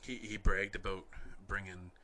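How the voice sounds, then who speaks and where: A young man from Canada hosting a podcast, telling wry, rambling anecdotes in a deadpan way. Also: low voice, moderate pace, slight background noise. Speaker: podcast host. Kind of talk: casual storytelling.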